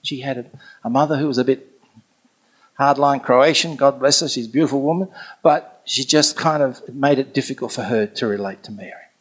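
Husky man telling a story. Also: mid-range voice, a little fast. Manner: animated, acts out quoted speech. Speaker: pilgrimage companion telling a story. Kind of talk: anecdotal storytelling.

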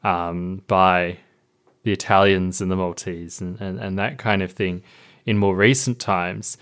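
A man's voice: deep voice, fairly even intonation, unhurried, a bit bright, clear, resonant tone. A man co-hosting a casual chat, musing thoughtfully and rambling with many fillers. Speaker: podcast co-host.

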